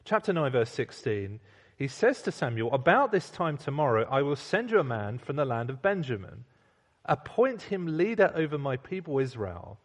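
A man's voice: medium pitch, sing-song, normal speed. A man preaching a sermon in a conversational way, asking rhetorical questions and sometimes restarting his sentences. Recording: long hall reverb.

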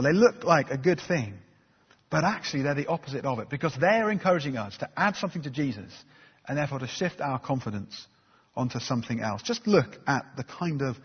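Male preacher, husky mid-pitched voice, earnest conversational sermon, dull recording in a reverberant hall. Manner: earnest, conversational, frequent ums and uhs.

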